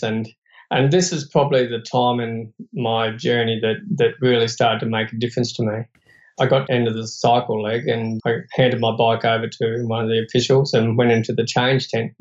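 Australian man, podcast guest, earnest storytelling, middle pitch, muffled lo-fi recording. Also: level tone, normal speed. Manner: earnest, reflective, plain-spoken. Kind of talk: personal storytelling in an interview.

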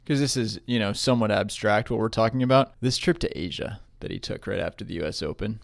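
A man's voice: fairly low pitch, quick pace, creaky, dry recording, studio quality. A man hosting a golf podcast, chatting casually and retelling stories. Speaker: golf podcast host and reporter.

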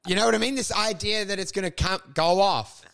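High-pitched creaky comic. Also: male voice, brisk. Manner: animated, laughing, mimics others in quotes. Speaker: comedian podcast co-host. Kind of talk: casual comedic chat.

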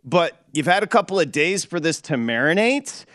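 A man's voice: on the high side, big pitch swings, moderate pace, a bit bright, no echo, studio quality. A man from Detroit hosting a sports betting show, teasing his co-host in a wry, mock-solemn way. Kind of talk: sports betting radio chat.

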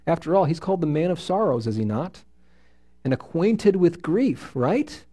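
A man leads a Bible study for a small group in a room, reading passages and unpacking them. His voice sits a little high for a man but has a mellow tone. He keeps his delivery animated and asks the group questions as he goes. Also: normal speed. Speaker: Bible teacher.

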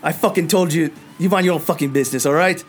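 A man voicing a brutish, foul-mouthed male dwarf thug who snarls and curses fast. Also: medium pitch, fairly even intonation, slight background noise, close to an everyday voice. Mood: angry.

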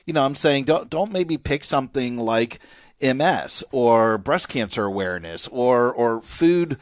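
A man co-hosting a podcast, talking in an animated, persuasive way and often repeating words. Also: medium pitch, unhurried, dry recording. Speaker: podcast co-host and speaker. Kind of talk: conversational podcast chat.

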